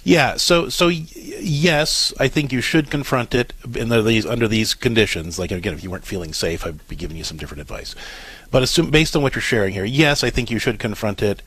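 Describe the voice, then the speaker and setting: A man hosting a call-in advice show, calmly coaching a caller with frequent restarts. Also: medium pitch, fairly quick, breathy edge. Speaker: radio advice show host.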